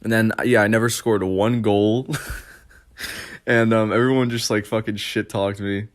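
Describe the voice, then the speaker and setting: A young man with a lowish voice rambles through a casual storytime for his vlog. He leans on constant fillers and curses freely, drifting from point to point. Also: fairly even intonation, a little slow. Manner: rambling, filler-heavy, profane. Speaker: vlogger.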